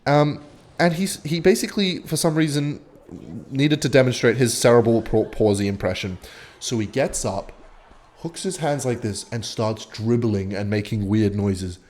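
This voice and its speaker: A young man telling a rambling, swear-filled story while commentating his own gameplay, with sudden excited outbursts. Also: mid-range voice, moderate pace, a little hiss or hum. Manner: animated, swearing, bursts of excitement while playing. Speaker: gaming vlogger.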